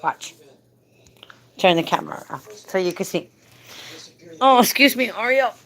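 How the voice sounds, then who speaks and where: A woman's voice: mid-range voice, animated, unhurried, a bit bright. A woman hosting a casual live stream, coaxing and doting as she talks to a man beside her.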